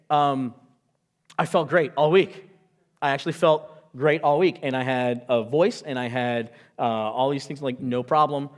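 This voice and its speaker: A middle-aged man preaches a sermon in a church auditorium. He talks in a chatty, storytelling way and acts out the quotes, and his voice sits a little higher than most men's. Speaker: pastor.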